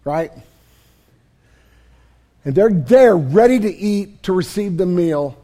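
A male pastor delivering a sermon with a high-pitched, warm, relaxed voice. He talks in a casual, conversational way and retells the story vividly for his church. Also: slow pace.

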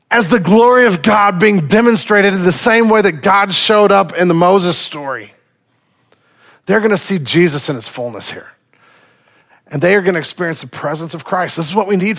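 A male pastor delivering a sermon in a relaxed, conversational way, tossing in slangy asides. His voice sits a touch higher than most men's.

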